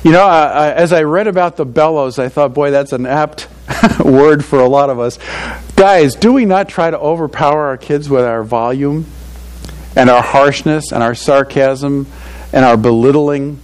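Earnest older male preacher, fairly high voice. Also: moderate pace, rough recording. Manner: conversational, earnest, frequent "you know". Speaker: pastor. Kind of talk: sermon.

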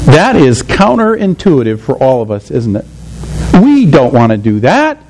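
A man's voice: medium pitch, wildly swooping pitch, measured pace, noisy background. A man preaching a sermon in a conversational way, often asking his listeners questions.

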